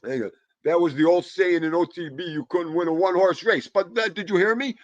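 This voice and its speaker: A man hosting a livestream, rambling excitably and greeting viewers by name. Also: high voice, brisk, no room sound, lo-fi sound. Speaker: livestream host. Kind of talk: casual chat.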